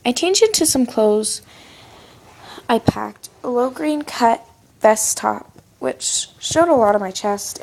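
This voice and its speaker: A woman reading her fan fiction aloud in first person, plain and unhurried. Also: on the high side, vocal fry, a little mellow. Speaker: story reader.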